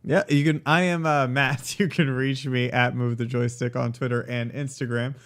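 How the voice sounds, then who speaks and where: A man's voice: mid-range voice, steady tone, normal speed. A man co-hosting a casual chat, talking through a cold with a stuffy, nasal voice and a joking, rambling manner. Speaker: podcast co-host.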